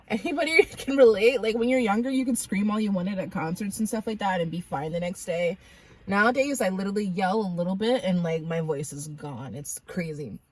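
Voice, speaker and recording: A woman's voice: medium pitch, normal speed, slightly rough, rough recording. A woman vlogger telling a dream testimony in a rambling, dramatic way with many fillers. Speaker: Christian vlogger.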